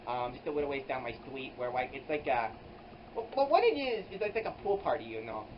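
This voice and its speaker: A man's voice: medium pitch, very animated, fairly quick, natural voice. A man voicing a tiny, petty young male pig in an improvised comedy vlog, rambling and giggly in a childlike baby-talk voice, full of "like" and restarts, recorded on a handheld camera mic. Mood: chatty. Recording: slightly dull audio with air conditioner hum.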